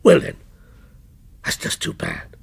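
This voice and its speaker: A man voicing a menacing policeman who taunts slowly and coldly, in a spoken story reading. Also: close to an everyday voice. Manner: slow, cold, taunting. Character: menacing male policeman, a vengeful character come alive.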